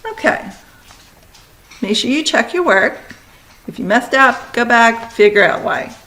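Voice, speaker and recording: A woman teacher giving a recorded lesson, talking students through steps in brisk, directive instructions. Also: a little high, expressive, bright, forceful tone, poor audio.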